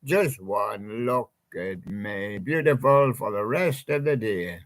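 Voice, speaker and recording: A man voicing cheeky stuffed toy animal guests in higher, sing-song put-on voices. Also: expressive, takes it slowly, no room sound. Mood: crooning.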